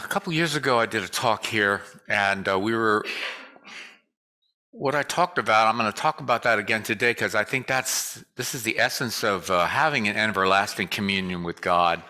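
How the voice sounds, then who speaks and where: Bright-voiced man giving a lively casual sermon. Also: medium pitch. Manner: joking, conversational, leads call and response. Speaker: guest speaker. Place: church sanctuary.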